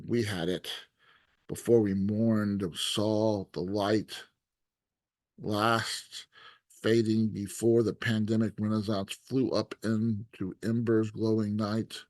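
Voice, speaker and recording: Man reading poetry slowly, close and dry. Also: lowish voice, steady tone, a little mellow, no room sound. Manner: halting, apologetic intro then measured reading. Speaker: poet at open mic.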